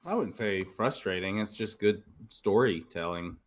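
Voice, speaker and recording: Young man, fairly low voice, laid-back, wry, casual call chat. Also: measured pace. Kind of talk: casual chat while watching a show.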